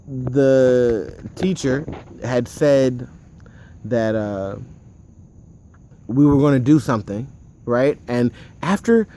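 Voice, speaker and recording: Man, mid-pitch, casual monologue host; rambling, digressive storyteller who wanders off on tangents and swears now and then. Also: a little mellow, slight background noise. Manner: rambling and digressive, with frequent asides; offhand, with occasional swearing.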